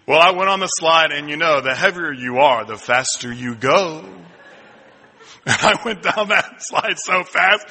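A man's voice: on the high side, expressive, unhurried, bright, forceful tone. A middle-aged male pastor preaching a sermon, telling stories with self-deprecating humor. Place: church sanctuary. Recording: long reverb in a church hall.

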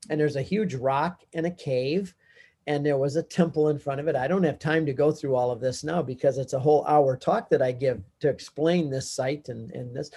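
A man guest on a talk show, teaching with lively storytelling that climbs in pitch when he stresses a point. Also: husky. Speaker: Catholic speaker and pilgrimage guide.

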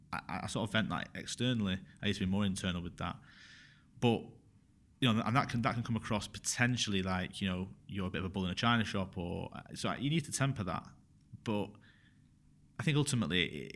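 A man's voice: deep voice, fairly bright tone. A man talking frankly and openly in a casual podcast conversation, often repeating himself as he works through his thoughts.

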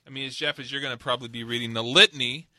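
A man's voice: mid-range voice, fairly even intonation, very fast, bright, forceful tone, no echo, clean studio sound. A man co-hosting a casual movie podcast, talking in stammering restarts and laughing. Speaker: podcast co-host, judge of the game. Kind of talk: casual movie review chat.

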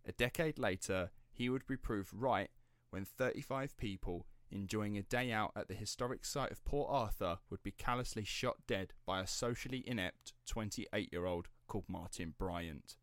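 Male podcast host, low voice, dry close mic, chatty and rambling. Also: normal speed, a bit bright, smooth, dry recording. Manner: rambling, laughs often, drifts off script. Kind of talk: casual true-crime podcast chat.

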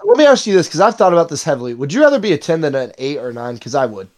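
A man's voice: a little high, very animated, very fast. A young man co-hosting a casual sports podcast, easygoing and rambling, often correcting himself mid-sentence. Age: young adult. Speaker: podcast co-host.

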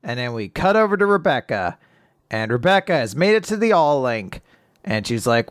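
A young man co-hosting a casual podcast, recapping a comic chapter in an animated, joking way and telling corny puns. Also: mid-range voice, moderate pace, dry recording, clean studio sound. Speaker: podcast co-host. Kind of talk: casual manga recap chat.

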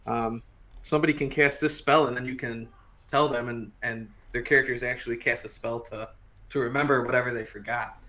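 A man co-hosting a podcast, explaining game rules in a relaxed way with the odd dry joke. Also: mid-range voice, brisk. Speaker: podcast co-host. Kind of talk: casual chat reviewing a game book.

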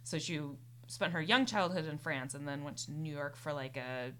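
A woman's voice: low voice, normal speed, fairly bright tone. A young woman hosting a podcast, casually recounting a life story with lots of "um" and "like". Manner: rambling, many fillers and "like". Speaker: podcast host. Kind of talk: casual chat, recounting a biography.

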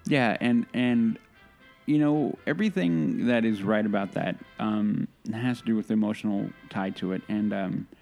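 A man with a fairly low voice co-hosts a casual podcast, spinning an eager, meandering story. Faint music sits quietly behind him. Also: normal speed, gravelly. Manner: enthusiastic, rambling storyteller. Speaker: podcast co-host.

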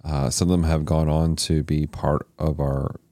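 A man co-hosting a podcast in casual chat, laughing a lot and speaking haltingly with fillers. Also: rumbling low, level tone, dark tone, no echo, studio quality. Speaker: podcast co-host.

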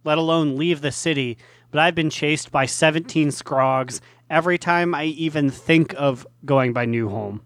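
Male co-host, fairly high voice, dry close recording, laid-back joking delivery. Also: normal speed, fairly bright tone, no room sound. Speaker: podcast co-host. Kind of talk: casual gaming chat.

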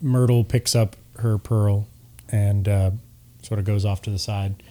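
A young man narrating a tabletop game as game master. His voice is mellow and soft-toned. He talks in an easygoing way, padding his lines with fillers. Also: lowish voice, fairly even intonation, measured pace.

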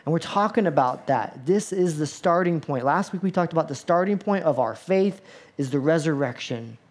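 A middle-aged man preaching a sermon, acting out listeners' reactions with humor and lively shifts in voice. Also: a little high, normal speed. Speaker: pastor.

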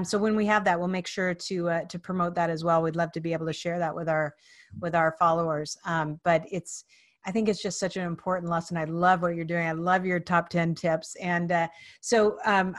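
A woman hosting an interview podcast, telling a lively anecdote and acting out the people in it. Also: fairly low pitch, brisk. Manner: animated storyteller, acts out quoted voices; frequent fillers and restarts. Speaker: podcast host. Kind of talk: casual interview chat.

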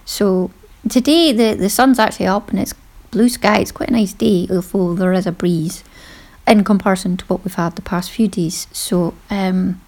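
A woman's voice: mid-range voice, fairly even intonation, moderate pace, darkish tone. A middle-aged woman hosting a podcast, talking casually and poking fun at herself, with frequent laughs. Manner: chatty, self-deprecating, laughs often. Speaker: podcast host. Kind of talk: casual monologue.

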